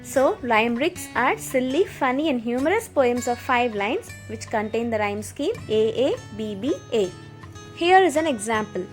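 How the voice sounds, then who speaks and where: A woman with a fairly high voice teaches children, clear and patient. Soft music plays faintly beneath her. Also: lively intonation, normal speed. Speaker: English teacher. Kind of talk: scripted video lesson.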